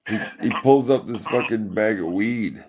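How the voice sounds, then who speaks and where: A man with a fairly low voice, hosting a podcast. He tells a long, crude story in loose casual chat, swearing freely, backtracking and laughing along the way. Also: moderate pace, noisy background. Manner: profane, rambling, laughs often. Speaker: podcast host.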